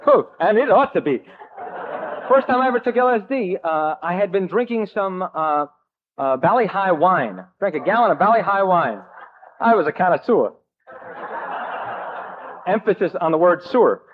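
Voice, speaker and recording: A man from New Jersey telling his own recovery story to a meeting, halting and self-mocking, with jokes between restarts. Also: high-pitched, lively intonation. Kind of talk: personal recovery story told to a crowd. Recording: thin, phone-like old tape.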